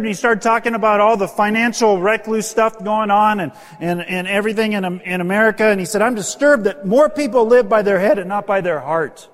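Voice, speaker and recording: Motivational speaker, male, high voice, earnest and emotional storytelling, big reverberant hall. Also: a little fast. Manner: earnest, emotional, rises in pitch when stirred. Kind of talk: storytelling speech to an audience.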